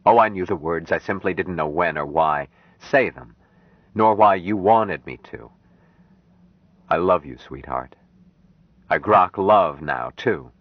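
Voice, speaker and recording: A man reading an audiobook, voicing a calm grown man raised apart from people, speaking slowly and earnestly. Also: low-pitched, dry recording. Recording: dry, dull lo-fi audiobook recording.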